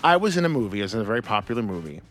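A man hosting a casual radio chat show, telling animated stories, in a studio with faint music. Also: on the low side, racing. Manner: animated, tells stories with laughs. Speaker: radio host.

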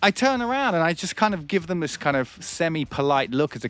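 A man who does stand-up spins long, rambling anecdotes on a radio show, laughing often and acting out other people's lines. His voice sits a little high and moves a lot, with faint music behind him. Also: sing-song, brisk, few pauses, fairly bright tone. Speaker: comedian and radio host. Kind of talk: casual radio storytelling. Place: radio studio.

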